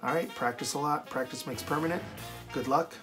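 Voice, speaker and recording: A man giving a relaxed, encouraging snare drum lesson, with many ums and okays. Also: medium pitch, fairly quick, over music. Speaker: drum teacher. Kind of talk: casual instructional talk.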